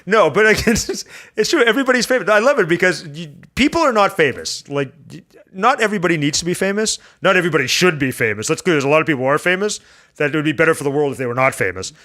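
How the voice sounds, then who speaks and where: A man's voice: fairly high pitch, fast talker. A man guest on a podcast, telling stories in casual chat and jumping into funny voices. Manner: animated storyteller, jumps into funny voices.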